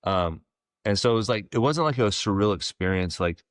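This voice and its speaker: A man in his forties, a former ballplayer, telling stories as a podcast guest in a relaxed, rambling way with plenty of fillers. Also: fairly low pitch, brisk, no room sound, studio quality. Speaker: guest, former pro baseball player. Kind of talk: casual storytelling interview.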